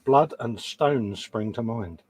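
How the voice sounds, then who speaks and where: A man's voice: medium pitch, slow pace, a little mellow, breathy edge, no room sound. A man hosting a casual chat while building a model, teasing and bantering. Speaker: host.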